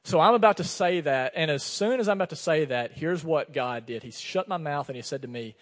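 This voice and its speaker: With a brisk delivery and a voice on the high side, a pastor weaves an animated personal story into his sermon, acting out each line of dialogue. The sound has the long hall reverb of a church sanctuary.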